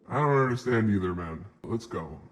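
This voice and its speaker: A man playing a tabletop game, talking bluntly and gruffly in character. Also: lowish voice, lively intonation, moderate pace. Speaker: player.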